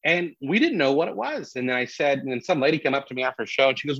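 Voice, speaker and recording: A man, a comedian, telling a story in casual podcast chat, animated and full of restarts. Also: mid-range voice, rapid-fire, few pauses, husky, no echo. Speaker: comedian guest. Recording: dull lo-fi dry sound.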